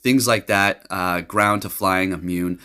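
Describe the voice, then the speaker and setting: A man giving casual, jokey commentary over his gameplay, getting loud and excited and laughing at his own jokes. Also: low-pitched, a little slow, clean tone. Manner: animated, jokey, excitable, trash-talking. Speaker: gaming commentator.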